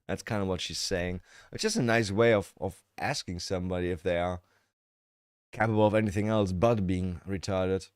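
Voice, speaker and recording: Paraphrasing a clip for his livestream, this man talks in a blunt, casual way, occasionally cursing and laughing. He has a fairly low, clear, resonant voice at a moderate pace, captured in a clean studio with no room sound.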